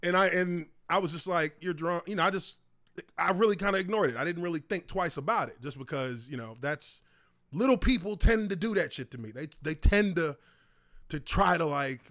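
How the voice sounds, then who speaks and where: Guy hosting his own stream, cussing as he reacts to a clip, voice jumps all over, high-ish, dry sound. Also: a little fast, no room sound. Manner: profane, animated, talks to viewers. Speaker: show host. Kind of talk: casual commentary on a video clip.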